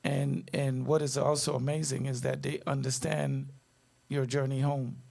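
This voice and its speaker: A man's voice: medium pitch, level tone, normal speed, vocal fry, a little mellow. A man in his late fifties, a guest speaking earnestly and reflectively in an interview. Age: 50s.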